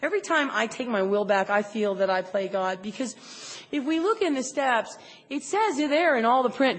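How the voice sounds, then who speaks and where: A woman shares her recovery story with a candid, emphatic, self-mocking delivery and a voice that sits fairly high. The recording has a long, ringing hall reverb, as if she is speaking in a large meeting room. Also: lively intonation, moderate pace. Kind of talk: personal recovery talk.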